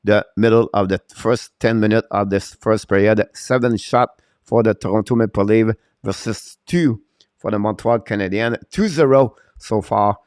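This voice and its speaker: A man with a low voice calls a hockey game live for his stream, narrating each pass and battle in broken non-native English full of "uh" fillers. His pitch jumps high and loud when a shot comes. The sound is dry and close, with no room around it. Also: moderate pace, smooth, no room sound. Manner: jumps to high, loud excitement on scoring chances. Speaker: play-by-play host.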